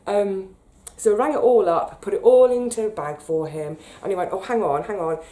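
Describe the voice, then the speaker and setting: A British woman telling a personal story in a chatty, animated way, getting emotional as she recalls it. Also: mid-range voice, fairly quick, few pauses. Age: 30s. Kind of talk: casual storytelling monologue.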